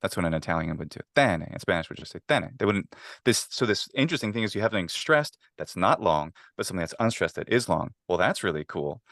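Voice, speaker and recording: A man's voice: deep voice, lively intonation, fast talker, gravelly, few pauses, a bit bright, dry recording, clean studio sound. A man being interviewed about Latin, talking eagerly in a casual way, with many fillers and restarts. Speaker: guest, Latin teacher.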